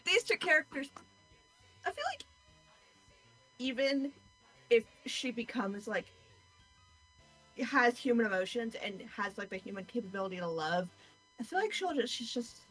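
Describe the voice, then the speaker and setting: Bubbly higher-voiced woman in casual chat. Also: soft background music, poor audio. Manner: excited, quick, swears casually. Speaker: streamer's friend.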